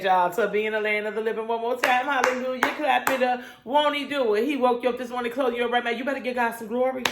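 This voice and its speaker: Woman minister, spirited morning devotion, calls and responses with the flock, roomy echo. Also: on the high side. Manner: exuberant, call-and-response with listeners.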